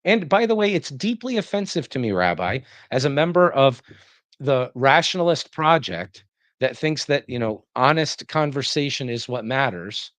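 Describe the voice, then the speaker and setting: A man's voice: mid-range voice, lively intonation, moderate pace, no room sound. A man giving reaction commentary, sarcastic and indignant as he rants.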